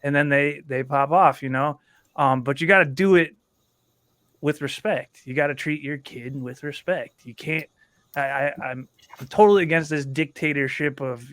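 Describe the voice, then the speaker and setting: A man's voice: a little high, moderate pace, a bit bright, dry recording. A man in his thirties, a veteran and father, talking candidly and bluntly on a livestream panel and swearing freely. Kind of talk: casual livestream panel talk.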